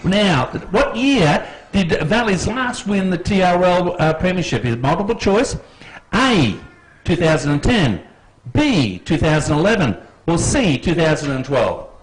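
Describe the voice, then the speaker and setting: A man's voice: sits high, big pitch swings, unhurried, slight background noise, low-quality recording. Quiz host: Australian man, jokey and teasing, voice swings up and down. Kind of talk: live quiz show hosting. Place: football club room.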